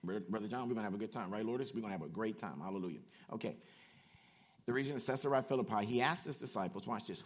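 A man preaching a lively sermon, swinging between loud, emphatic lines and quieter explanations. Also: rapid-fire, slightly rough. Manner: animated, swings from shouting to low asides.

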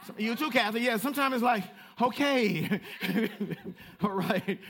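A man with a high, light voice preaches to his congregation in an animated, playful way. He swings from quiet, reflective stretches to bright, teasing call-outs, with a Southern Black way of speaking. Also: measured pace. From United States. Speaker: pastor. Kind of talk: sermon.

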